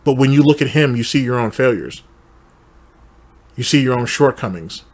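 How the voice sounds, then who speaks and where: A man's voice: mid-range voice, lively intonation, moderate pace. A man hosting a reaction commentary show, talking in a blunt, profane and confrontational way. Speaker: commentary channel host.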